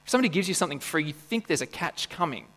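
A pastor preaches to his congregation in a conversational, playful way, often asking them questions and adding jokes. His slightly high, fairly bright voice races along with lively intonation. The church hall recording has long reverb and mains hum.

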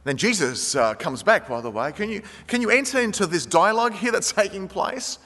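Animated preacher in a reverberant hall. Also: male voice, high-pitched, brisk. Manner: animated, acts out quoted speech. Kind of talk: sermon.

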